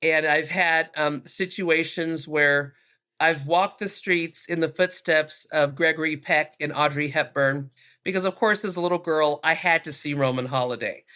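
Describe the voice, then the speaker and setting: A middle-aged American woman, a book author telling travel stories in an interview, animated and acting out the voices in them. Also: deep voice, moderate pace. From United States. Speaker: guest, author. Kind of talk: storytelling interview.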